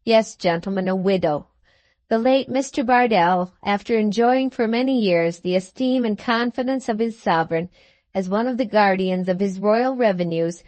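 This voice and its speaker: A woman's voice: mid-range voice, darkish tone, dry recording, lightly acted. A woman reading the lines of a pompous male barrister making a grand, theatrical speech to a jury in an audiobook. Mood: melancholy. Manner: grandiloquent, theatrical courtroom oratory.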